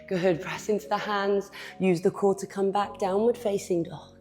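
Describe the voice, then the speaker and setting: A woman's voice: mid-range voice, normal speed, soft background music. Encouraging woman guiding a yoga flow. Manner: calm coaching cues, encouraging, drops to a whisper at times. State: a bit out of breath while demonstrating. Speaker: yoga instructor. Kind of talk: guided yoga class instruction.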